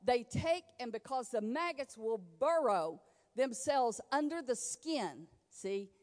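A woman's voice: fairly high pitch, expressive, slow pace, darkish tone, long reverb tail. A woman pastor preaching a sermon in a church, emphatic and folksy, acting out quoted dialogue. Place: church sanctuary.

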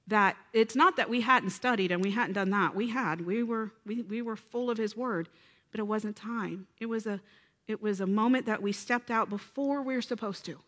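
A woman preaching a heartfelt sermon, earnest and emotional, calling out to her listeners for an answer. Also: fairly high pitch. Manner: earnest, emotional, addresses congregation with call-and-response. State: close to tears.

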